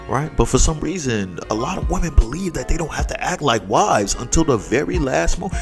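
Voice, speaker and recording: A man casually reacting to a video clip with jokey, animated commentary, now and then jumping into high mocking voices. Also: a little fast, vocal fry, music in the background.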